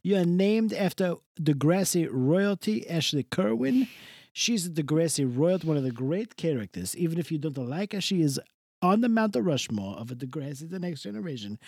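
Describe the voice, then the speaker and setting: A man co-hosting a casual podcast, talking in a high voice that swings widely and playfully. His delivery is animated. The sound is dry and close. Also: moderate pace, no echo. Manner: playful, sings snatches of songs, animated. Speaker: podcast co-host. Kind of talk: casual chat.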